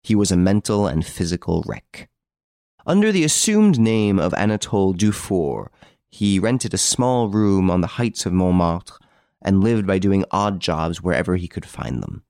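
A man narrating an audiobook of a crime story in a measured, steady reading. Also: low-pitched, no echo, clean studio sound. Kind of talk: scripted narration.

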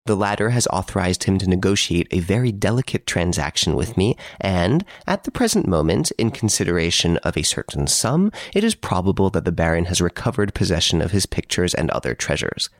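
A man voicing a suave gentleman thief who mocks the detective from his prison cell, urbane and playfully boastful. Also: deep voice, sing-song, fairly quick, few pauses, no echo, studio quality. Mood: teasing, smug.

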